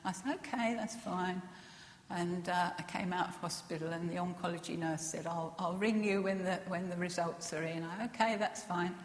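A woman's voice: fairly low pitch, moderate pace. Earnest woman in an echoey hall. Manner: gentle and earnest, with soft laughs and many fillers. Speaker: speaker sharing a personal testimony. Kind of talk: personal testimony talk. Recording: echoey hall with long reverb.

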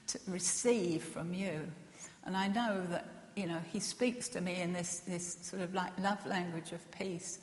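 A woman gives a gentle, earnest personal testimony, pausing often with fillers and soft laughs. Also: fairly low pitch. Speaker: speaker sharing a personal testimony. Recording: echoey hall with long reverb.

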